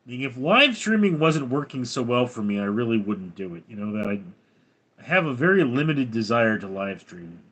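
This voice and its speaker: An older man hosting a livestream, reading viewer comments aloud in a dry, deadpan way. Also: mid-range voice, normal speed. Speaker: livestream host reading chat. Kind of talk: casual livestream chat.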